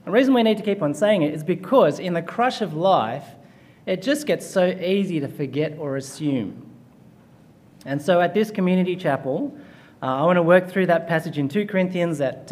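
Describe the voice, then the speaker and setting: A man's voice: fairly high pitch, a little mellow. A man preaching a chapel sermon, telling a story with light humor before working through a passage.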